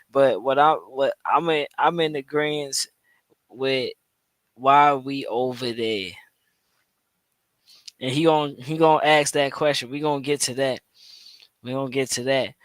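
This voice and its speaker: A man's voice: mid-range voice, fairly bright tone, dry recording. A man hosting a podcast, reacting to a played clip in casual, slangy commentary full of restarts and repetition. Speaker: podcast host.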